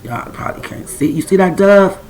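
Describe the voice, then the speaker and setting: Fairly quick and animated, her lowish voice competes with a noisy background. The woman, who describes herself as a spiritual intuitive, recounts a personal spiritual experience to the camera's audience, speaking bluntly and streetwise and cursing from time to time.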